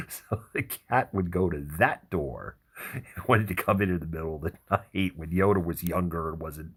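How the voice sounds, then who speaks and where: A man hosting a livestream, telling rambling stories in a relaxed chat with frequent chuckles. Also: deep voice, moderate pace, slightly rough. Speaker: livestream host. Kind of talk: casual chat.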